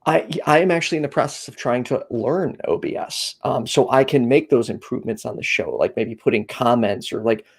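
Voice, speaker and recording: Measured man on a stream. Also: mid-range voice, lively intonation, creaky, husky. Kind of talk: casual chat. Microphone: laptop stream.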